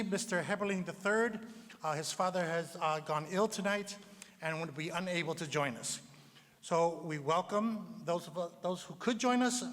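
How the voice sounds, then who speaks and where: A man moderating a candidates forum, announcing speakers briskly with some fillers. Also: high-pitched, fairly bright tone. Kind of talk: live event moderating. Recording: long reverb of a hall.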